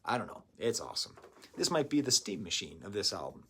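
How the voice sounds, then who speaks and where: A man giving a casual album review, rambling into excitable asides. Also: lowish voice, fast talker, slightly rough. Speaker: music reviewer.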